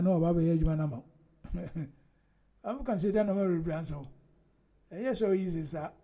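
A man's voice: sits high, mellow. A man hosting casual political commentary, rambling and emphatic, with frequent laughter.

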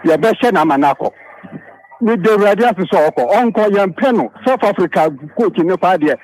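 Male caller, fervent and preacherly, somewhat high voice. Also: animated, brisk, darkish tone, poor audio. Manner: fervent, praising God. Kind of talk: radio call-in with religious phrasing.

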